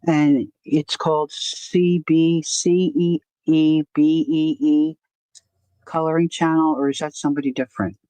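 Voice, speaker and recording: A woman's voice: low voice, flat delivery, measured pace, mellow, no room sound. A woman hosting a casual art journaling livestream, chatting to herself and greeting viewers by name as she works. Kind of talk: casual chat while crafting on a livestream.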